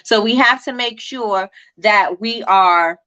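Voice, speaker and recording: A woman host in a casual live chat, animated and motivational, talking straight to her viewers. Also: mid-range voice, slow, no room sound.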